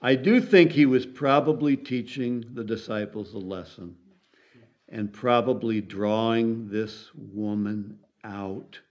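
A man preaching a sermon in an earnest, deliberate and emphatic way. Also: lowish voice, darkish tone. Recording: dull lo-fi recording.

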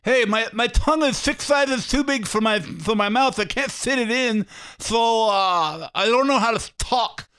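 A man's voice: very high-pitched, unhurried, bright, forceful tone, clear, resonant tone, voice pushed up, full character voice. A man putting on a mushy-mouthed talking dog. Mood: dopey. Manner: thick-tongued, mushy. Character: dopey talking male dog with a huge tongue.

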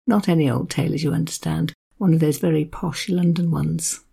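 Gravelly, husky woman reviewing a book. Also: deep voice, fairly even intonation, moderate pace, mellow. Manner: conversational, explanatory. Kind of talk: book review with read extracts.

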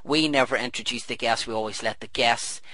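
Podcast host guy, bright voice, eager, stumbles a bit, dry mic. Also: mid-range voice, brisk, no room sound. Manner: eager, stammering with fillers. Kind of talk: casual interview hosting.

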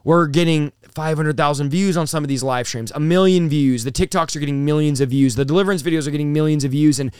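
Pastor guest, thirties, male: animated and fast-talking, slightly high, smooth clear voice, dry close sound. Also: dry recording. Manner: animated, rapid-fire, says bro and dude. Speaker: pastor and revivalist, interview guest. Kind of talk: excited conversational storytelling.

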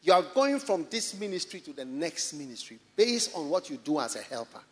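A man with a Ghanaian English accent preaching a sermon in a church, animated and often laughing as he mimics people's excuses. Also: fairly high pitch, brisk. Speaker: pastor. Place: large church hall.

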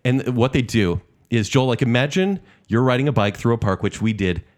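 A man with a Southern US accent, chatting casually as a podcast co-host and telling animated stories. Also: medium pitch. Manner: animated storyteller, quick asides. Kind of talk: casual chat.

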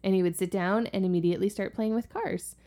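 A woman with a warm, medium-pitched voice speaks quickly with fairly even intonation. As a parent and podcast co-host, she tells family stories in a chatty, conversational style filled with likes and ums.

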